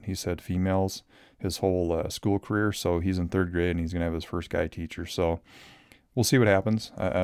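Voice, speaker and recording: Podcast host, male, thirties, from Minnesota: deep smooth voice, dry close sound, loose rambling delivery full of ums. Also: darkish tone, no echo. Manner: rambling, lots of ums and restarts. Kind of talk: casual solo podcast talk.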